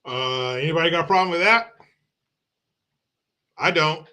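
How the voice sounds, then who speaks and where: A man's voice: on the high side, moderate pace, sharp tone, clear, resonant tone. A middle-aged man hosting a show, giving blunt, profane and heated political commentary. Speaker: show host.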